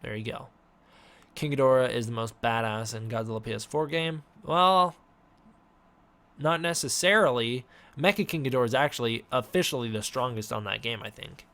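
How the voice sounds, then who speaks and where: A man hosting a casual live-stream Q&A, giving offhand, halting answers to chat questions. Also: medium pitch, fairly bright tone. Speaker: host.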